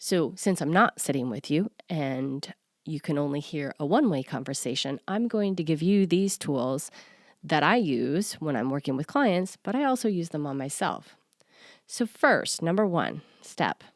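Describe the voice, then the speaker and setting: A woman in her forties, a self-worth coach, talking to listeners in an earnest, confiding way with soft laughs. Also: low voice, no room sound, clean studio sound. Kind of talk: personal solo podcast talk.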